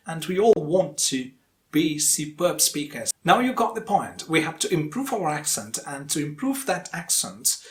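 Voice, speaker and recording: A man teaching English pronunciation in an online lesson, modeling sentences slowly and deliberately and repeating them. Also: fairly high pitch.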